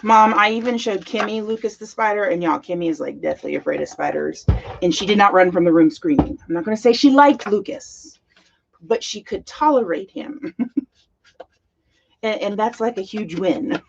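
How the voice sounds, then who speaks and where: Recorded with lo-fi sound against a noisy background, a middle-aged woman of medium pitch speaks at normal speed. She's a teacher and crafting channel host, chatting casually and gushing while she puts together a scrapbook page at her craft desk.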